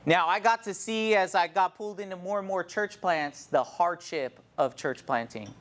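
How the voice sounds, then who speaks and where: A man's voice: high-pitched, moderate pace, fairly bright tone. A man in his thirties, a church planter, telling a heartfelt personal testimony in an earnest storytelling manner.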